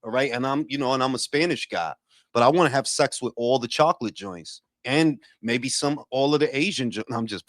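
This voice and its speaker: A man who hosts a boxing talk livestream, chatting casually and profanely and giving shout-outs to his chat. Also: medium pitch, brisk, no room sound, clean studio sound. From Dominican heritage. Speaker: boxing talk show host.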